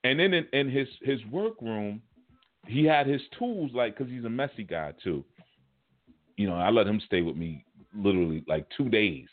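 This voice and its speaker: A man teaching a spiritual class, telling stories in a casual, animated, colloquial way. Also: lowish voice, normal speed. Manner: animated, colloquial, chuckles mid-story. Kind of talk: casual storytelling lecture. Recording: phone-like narrow band audio.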